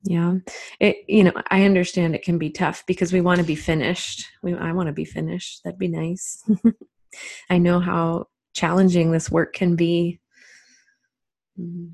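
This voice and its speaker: A woman with a lowish, warm, mellow voice gives a reflective spiritual talk. She speaks gently and lets her phrases stretch out unhurriedly, like a teacher guiding listeners inward. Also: flat delivery, a little slow, vocal fry.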